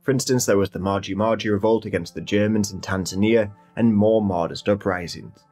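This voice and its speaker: Male narrator, lowish voice, measured documentary read with soft music underneath. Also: steady tone. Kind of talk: scripted history narration.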